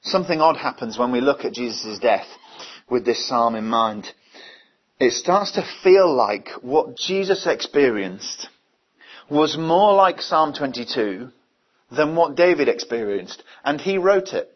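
Male preacher, mid pitch, husky voice, earnest sermon full of rhetorical questions, dull lo-fi recording. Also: animated, unhurried.

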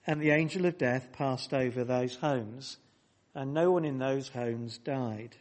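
A man's voice: mid-range voice, measured pace. Emphatic preacher, a man. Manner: emphatic, repeats phrases for weight; speaks directly to the congregation. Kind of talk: sermon. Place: church.

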